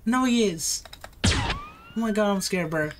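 A woman gamer talks her way through a scary game, nervous and begging in casual slang. Her voice jumps up and down, and the recording carries a clear layer of background noise. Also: medium pitch, wildly swooping pitch, a little slow. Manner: nervous, pleading, slangy running talk. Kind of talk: horror game commentary. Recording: noisy recording.

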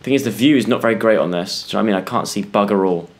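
A man's voice: fairly low pitch, rapid-fire. A young British man commentating a horror game for viewers, jumpy and yelping when scared. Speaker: gaming YouTuber. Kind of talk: let's play commentary.

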